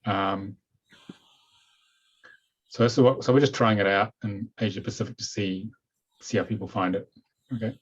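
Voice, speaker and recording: Speaking at a moderate pace with long pauses, this New Zealand webinar host has a husky, low voice. He keeps things relaxed and chatty, often saying "okay," and his computer mic on the video call gives dull, lo-fi sound.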